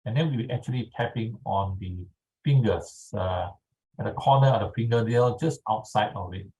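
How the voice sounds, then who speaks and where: A man leading a guided tapping exercise over a video call, speaking calmly and checking in often with his listeners. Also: fairly low pitch, low-quality recording. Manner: slow, calm instructional pacing with frequent "all right". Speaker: EFT tapping instructor.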